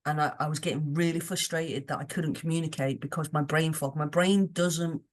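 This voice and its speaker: A woman's voice: low voice, steady tone, brisk. A British woman, a podcast guest, chatting casually in a rambling, earnest way with many restarts. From United Kingdom.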